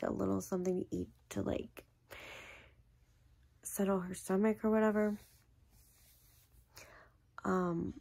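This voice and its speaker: A woman's voice: mid-range voice, creaky, a little mellow. A woman in her thirties chatting casually to her viewers as a vlogger, rambling through a story with many fillers and sometimes dropping to a whisper. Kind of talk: casual chat.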